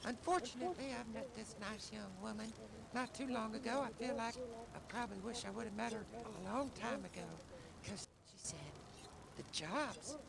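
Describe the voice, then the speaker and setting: A woman's voice: a little high, normal speed, gravelly, over a noisy crowd. A woman role-playing an outlaw gang member, talking in a rambling, hesitant way. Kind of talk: in-character role-play. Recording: very noisy game voice chat.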